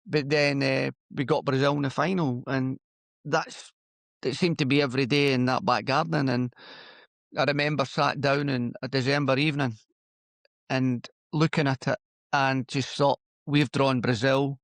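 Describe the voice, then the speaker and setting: A man's voice: mid-range voice, normal speed, gravelly, dry recording. A man in his fifties whose Scottish accent has picked up a Lancashire lilt, speaking in a dry, close-miked sound. He tells his stories in an easygoing, anecdotal way during a casual podcast chat. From Scotland. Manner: relaxed, anecdotal storytelling. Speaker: podcast guest, former footballer.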